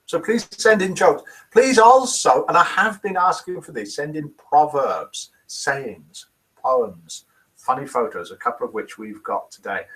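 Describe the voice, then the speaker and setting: A man's voice: fairly high pitch, animated, unhurried, a bit bright, poor audio. An older man hosts a live webcast quiz and reads out viewers' comments in a chatty way. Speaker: host of a live daily quiz and chat show. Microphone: desk microphone.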